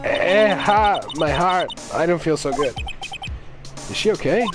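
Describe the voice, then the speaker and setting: A man's voice: a little high, expressive, unhurried, voice pushed up. A man putting on a cranky huffing old woman. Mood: breathless, cranky. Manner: breathless, stammering, grumpy. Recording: loud game music behind the voice.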